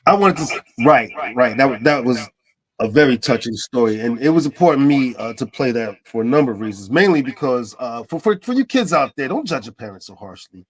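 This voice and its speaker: Husky guy hosting a talk show, stumbles and repeats himself a lot. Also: medium pitch, animated, brisk, no room sound, poor audio. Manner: hesitant, repeats words, many restarts. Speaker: host.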